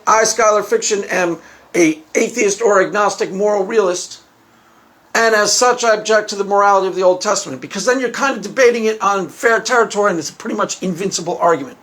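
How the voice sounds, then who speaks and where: A man with a notably high voice talks through a loose, rambling commentary. He repeats himself, chuckles often and keeps a casual, offhand tone. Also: fairly bright tone. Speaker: YouTube commentator. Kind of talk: casual monologue.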